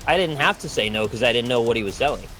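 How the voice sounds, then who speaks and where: A man's voice: mid-range voice, animated, very fast, music in the background. Man telling a rambling anecdote. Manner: rambling, self-deprecating storytelling. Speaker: guest. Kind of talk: casual chat.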